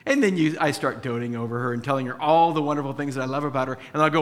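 A man's voice: fairly high pitch, quick pace, few pauses, fairly bright tone. Guy giving a chatty sermon in a church, voice rings out with a long echo, acts out bits of dialogue. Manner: conversational, acts out dialogue with his wife. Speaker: pastor. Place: church with a sound booth. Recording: reverberant church hall.

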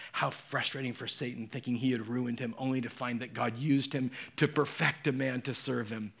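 A middle-aged male pastor preaching a sermon, telling the story dramatically and acting out the voices in quotes. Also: medium pitch.

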